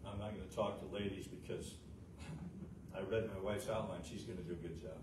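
A middle-aged man preaching a folksy, fervent sermon as pastor, swinging from loud, high peaks down to a low, quiet voice, with frequent "uh" fillers. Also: steady tone, brisk, distant mic. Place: church sanctuary. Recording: roomy church sound from off the mic, noisy.

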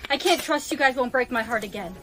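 A text-to-speech female voice reading a wary, heartbroken teenage schoolgirl in a short skit, with a flat, synthetic delivery. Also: high voice, quick pace, slight background noise. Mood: guarded.

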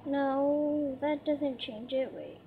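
A woman's voice: high voice, expressive, takes it slowly, creaky. A woman giving chatty gameplay commentary, easily startled and squealing when things go wrong. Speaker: gamer. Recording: dull lo-fi mic, faint noise.

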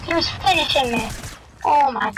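A gamer loudly exclaiming and blaming a teammate during a team shooter match. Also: high-pitched, normal speed, background noise. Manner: loud, exclaiming, blames teammate. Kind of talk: excited gaming chat. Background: game music.

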